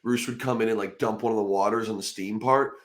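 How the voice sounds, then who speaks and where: A man hosting a casual podcast, telling animated, profane stories and acting out quotes loudly. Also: fairly low pitch, fast talker. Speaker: podcast host.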